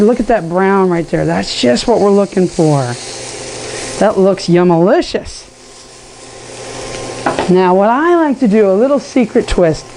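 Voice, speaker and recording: A woman's voice: mid-range voice, mellow, a little hiss or hum. A woman hosting a home cooking show, chatting to viewers with enthusiasm as she cooks. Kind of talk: casual cooking demonstration.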